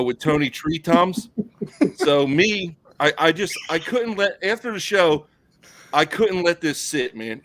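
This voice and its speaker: A man's voice: on the high side, a bit bright. A man in his thirties hosting a podcast, chatting casually and rambling through stories with lots of fillers. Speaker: podcast host. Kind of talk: casual podcast chat and storytelling.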